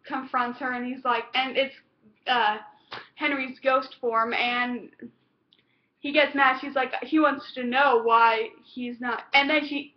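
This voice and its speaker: A woman recapping a TV episode in casual chat, rambling and gushing, with lots of fillers and restarts. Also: sits high. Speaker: TV episode reviewer. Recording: dull lo-fi home recording.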